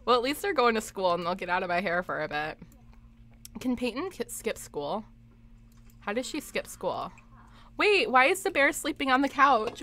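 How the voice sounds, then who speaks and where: A woman's voice: on the high side, sing-song, normal speed, pushed and bright. A young woman chatting casually on a live game stream, laughing a lot and reading viewer comments aloud. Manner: giggly, laughs often, reads chat aloud. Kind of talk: live gameplay stream chat.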